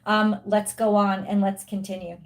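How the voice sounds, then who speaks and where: A woman's voice: mid-range voice, flat delivery, moderate pace. A woman giving a live-streamed tarot reading, chatty with viewers, frustrated and swearing openly about her internet.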